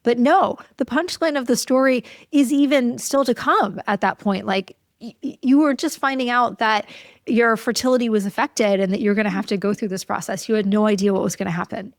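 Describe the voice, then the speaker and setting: A woman hosts a podcast interview in a casual, reflective tone, warmly empathetic and often falling back on "like" as she thinks aloud. Her voice sits a little high and is recorded dry and close. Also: fairly quick, no echo. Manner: empathetic, reflective, frequent "like" fillers. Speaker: podcast host.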